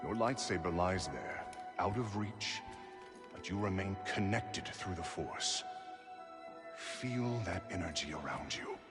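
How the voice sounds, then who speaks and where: An actor playing a male Jedi master who calmly instructs his apprentice in a video game scene. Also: low-pitched, loud music behind the voice. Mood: instructive. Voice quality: calm, measured instruction. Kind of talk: video game cutscene acting.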